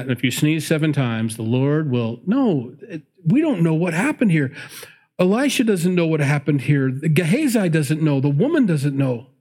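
A man teaching through a Bible passage in a conversational sermon, laughing often and acting out the people in the story. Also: fairly high pitch. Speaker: pastor.

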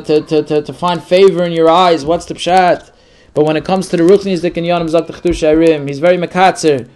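A man giving a Torah lesson, reading verses aloud, translating them phrase by phrase, and asking rhetorical questions before he explains. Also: on the high side. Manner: mixes Hebrew and Yiddish terms into English explanation. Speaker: Torah teacher. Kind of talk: Torah lesson on the weekly portion.

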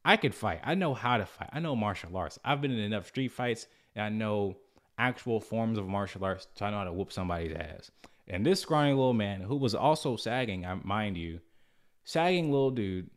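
A man in his early twenties tells a personal story straight to camera, and it comes out rambling and full of restarts. His voice sits a little low, and he jumps up into a higher voice whenever he imitates other people. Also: expressive, normal speed. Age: 20s. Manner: rambling, restarts often, mimics others in a raised voice. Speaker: vlogger.

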